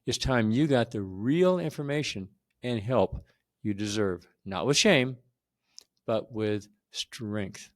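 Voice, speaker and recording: A man's voice: on the low side, takes it slowly. A man hosting a men's support channel, talking straight to viewers in an earnest, emphatic and reassuring way. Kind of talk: direct-to-camera talk.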